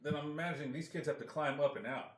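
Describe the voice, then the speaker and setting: A man's voice: a little high, quick pace, slight background noise. A man co-hosting a comedy podcast who throws in sarcastic, profane quips. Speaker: podcast co-host. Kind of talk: casual comedic podcast chat. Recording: roomy echo.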